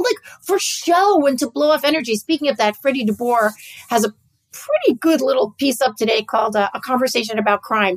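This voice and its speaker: A woman co-hosting a podcast, talking in a fairly high, husky voice. She chats in an animated way, jumping between topics and tossing off mock-exasperated asides. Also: rough recording. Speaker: podcast co-host. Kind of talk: casual chat.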